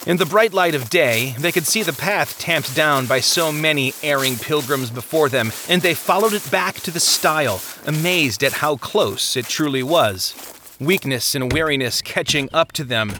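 A man's voice: on the high side, lively intonation, moderate pace, bright, forceful tone, slight background noise. A man narrating an audiobook chapter with vivid, dramatic storytelling. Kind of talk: scripted narration. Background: music.

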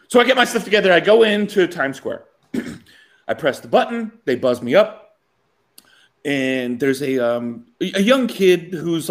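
Man, animated storyteller with a fairly high, swooping voice. Casual anecdote, quotes people, frequent laughs.

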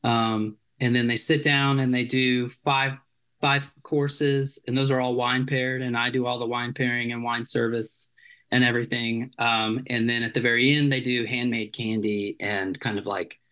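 Chatty man, mid-pitched, loose and rambling. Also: level tone, normal speed, fairly bright tone. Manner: rambling, loose storytelling with many filler words. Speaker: chef, interview guest. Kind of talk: casual interview chat.

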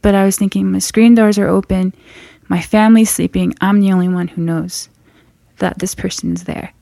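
A young woman from the Navajo Nation telling a true scary story from her own life. She halts and restarts as she builds suspense, and often drops to a hushed whisper at the tense moments. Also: medium pitch, level tone, normal speed, creaky, dry recording, clean studio sound. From Navajo Nation, US Southwest. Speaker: guest storyteller.

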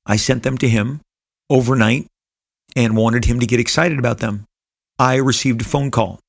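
A man's voice: mid-range voice, fairly even intonation, normal speed, creaky, no echo. A middle-aged man, a comic book creator, telling a personal story in an earnest, rambling way with frequent restarts.

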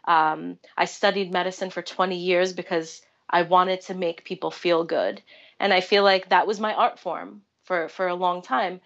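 Gravelly-voiced woman, chatty guest. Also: fairly low pitch, steady tone, normal speed, muffled recording. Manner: bubbly, laughs often, chatty with fillers. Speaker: guest artist. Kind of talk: casual interview chat.

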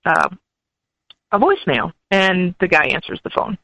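A woman guest telling a lively personal story, sometimes acting out voices in quotes. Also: fairly low pitch, normal speed, gravelly, poor audio. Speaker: podcast guest. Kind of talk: storytelling anecdote.

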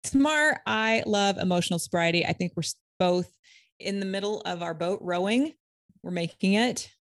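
A middle-aged woman co-hosting a podcast, telling stories in a lively, chatty way and laughing often. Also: mid-range voice, moderate pace, no room sound, studio quality. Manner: animated storyteller, laughs often. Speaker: podcast co-host. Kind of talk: casual chat.

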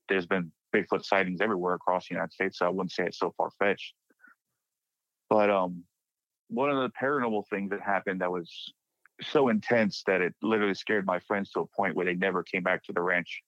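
A young man from Texas, with a somewhat low voice, tells a spooky personal story in a relaxed way, now and then jumping up high to act out his scared friends. The sound is dry and close, with a dull, slightly lo-fi tone. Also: no echo. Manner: animated retelling, acting out friends' panicked quotes. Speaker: guest sharing a personal paranormal story. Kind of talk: casual spoken storytelling. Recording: dry, dull lo-fi podcast mic.

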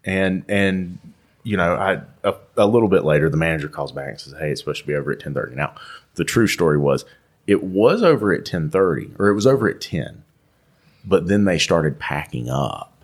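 A deep, slightly husky man with a melodic Southern twang, co-hosting a live podcast. He tells stories with lots of pitch swing and bounces into the voices of the people he quotes. He sounds relaxed and chatty. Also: a little fast. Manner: animated storyteller acting out quoted voices. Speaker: podcast co-host and shop owner. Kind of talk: casual live podcast chat. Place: live at a trade conference.

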